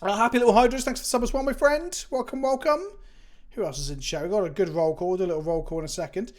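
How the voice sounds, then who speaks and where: A man's voice: sits high, very fast. A tired English man chatting casually to his stream viewers, rambling and self-deprecating. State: tired, sluggish. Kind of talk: casual live stream chat.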